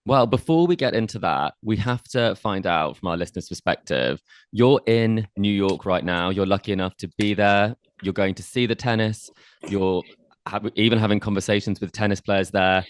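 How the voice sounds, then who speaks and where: Low-voiced man co-hosting a tennis podcast. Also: moderate pace. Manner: relaxed, with many ums and I means. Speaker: podcast co-host. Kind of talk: casual tennis chat and interviewing.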